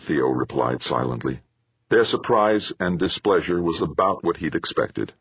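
A man narrating an audiobook in an expressive, measured way. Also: low voice, breathy edge, dry recording, muffled recording. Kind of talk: scripted narration.

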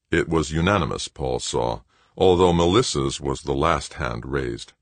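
Male audiobook narrator, measured, husky, gravelly, dry close sound. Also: rumbling low, no echo. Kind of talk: scripted narration.

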